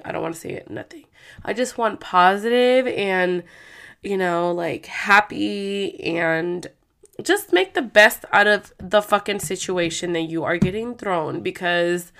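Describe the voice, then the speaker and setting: A woman hosting her own podcast, talking casually and excitedly, with frequent swearing. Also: medium pitch. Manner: chatty, profane, excitable. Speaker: podcast host. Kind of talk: casual solo podcast talk.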